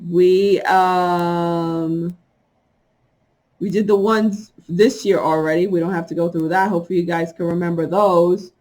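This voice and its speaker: A middle-aged woman talking straight to her viewers in a casual monologue, emphatic and indignant, speaking in quick bursts broken by laughs. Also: on the low side, steady tone, darkish tone. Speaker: spiritual vlogger.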